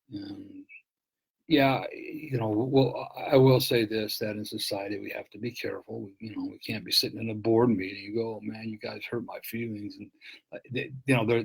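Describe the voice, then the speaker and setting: An earnest man gives a reflective talk, his low voice gravelly and a little husky. He often restarts and repeats his words as he speaks. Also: darkish tone, poor audio. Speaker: author and abuse-recovery speaker.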